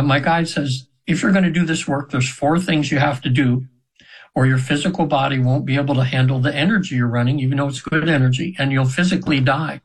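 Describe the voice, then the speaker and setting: A man's voice: mid-range voice, low-quality recording. A man in his seventies, a radio show guest, telling a long personal story in a rambling way, with many restarts and fillers. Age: 70s. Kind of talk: casual storytelling interview.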